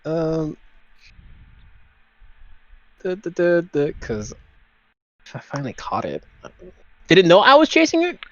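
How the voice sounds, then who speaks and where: A man plays a tabletop role-playing game and talks nervously and hesitantly, often breaking into giggles. His voice sits fairly high and swings widely in pitch. The recording is dry and a bit dull. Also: huge pitch swings, a little slow, pauses often, fairly bright tone, dry recording. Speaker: player. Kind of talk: casual tabletop game play.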